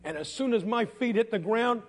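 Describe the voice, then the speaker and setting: A man telling a comic story from his childhood, animated, swinging from loud bursts to hushed asides. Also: very high voice, moderate pace, in a large hall. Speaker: comedian.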